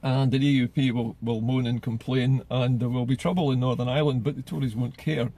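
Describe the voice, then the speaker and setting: A man's voice: medium pitch, fairly even intonation, brisk, mellow. A man giving solo political commentary in an earnest way, often repeating words as he gathers his thoughts.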